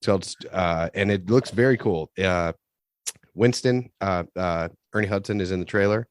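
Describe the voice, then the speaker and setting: Rambling low-voiced man on a podcast. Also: no room sound, studio quality. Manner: rambling, halting restarts, profane. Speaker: podcast co-host. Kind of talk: casual chat.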